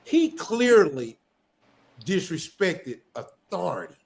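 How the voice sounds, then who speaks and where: A man's voice: sits high, very animated, slow pace, creaky, a little mellow. A man on a casual chat show making his case emphatically, repeating points and swearing freely.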